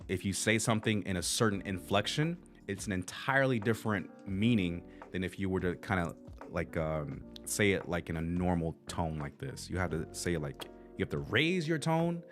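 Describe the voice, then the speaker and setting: A man with a very low voice and an American accent, hosting a laid-back livestream. He rambles and restarts his sentences as he chats directly to his viewers, with faint music playing behind him. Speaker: channel host. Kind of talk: casual livestream tips.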